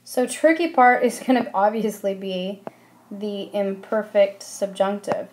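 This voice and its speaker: A woman's voice: medium pitch, a little slow, noisy background. A woman explaining Spanish grammar over slides in a friendly way, with frequent ums. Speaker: Spanish teacher. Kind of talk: classroom lesson narration over slides.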